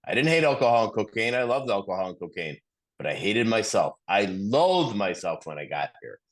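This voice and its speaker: A middle-aged man sharing earnestly in a recovery study group, often repeating himself and restarting sentences as he tells a story. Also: lowish voice.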